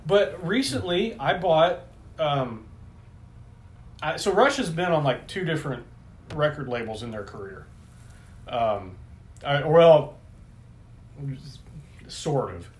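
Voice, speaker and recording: A man's voice: fairly high pitch, lively intonation, takes it slowly, pauses often. A man in his forties in casual chat, rambling and correcting himself as he goes, swearing freely.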